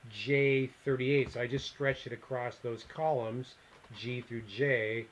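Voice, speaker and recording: Man muttering through a software tutorial. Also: mid-range voice, steady tone, slow pace, dull audio, slight background noise. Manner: thinks aloud, mutters asides while clicking. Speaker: instructor. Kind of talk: screen-recorded software tutorial.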